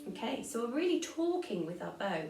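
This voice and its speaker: A woman's voice: fairly high pitch, very animated, a little fast, vocal fry, distant mic, over loud music. English woman teaching strings, echoey room. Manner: counting aloud and chanting rhythm syllables. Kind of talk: online music lesson. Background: violin playing.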